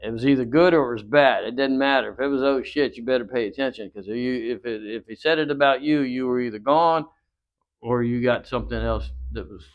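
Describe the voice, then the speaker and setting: A man recounting old stories in a loose, rambling way, full of "uh" and "you know" and bits of quoted dialogue. His voice sits at a mid pitch. The audio is dull and lo-fi. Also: brisk. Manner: rambling anecdotes with many fillers and quoted dialogue. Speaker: guest wrestler. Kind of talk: storytelling interview.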